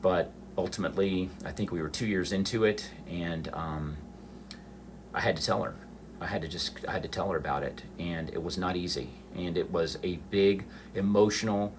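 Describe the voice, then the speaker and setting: A middle-aged man telling a personal story on a livestream, emotional and halting, restarting his sentences. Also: on the low side, fairly bright tone, a little hiss or hum. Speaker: livestream host.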